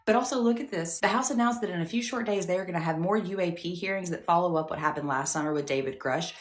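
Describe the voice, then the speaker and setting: A woman narrating news-style commentary in a brisk, incredulous manner. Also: fairly low pitch.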